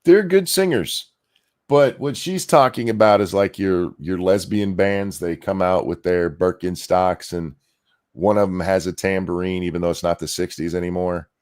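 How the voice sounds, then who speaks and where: A man's voice: low voice, moderate pace, darkish tone, smooth. A man hosting a podcast, ranting in casual, mocking, sarcastic commentary. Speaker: podcast host.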